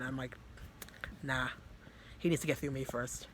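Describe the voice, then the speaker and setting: Man, vlogger, casual swearing, filler-heavy rambling, average pitch, soft delivery. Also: little pitch movement, normal speed, a little hiss or hum. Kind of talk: casual storytelling to camera.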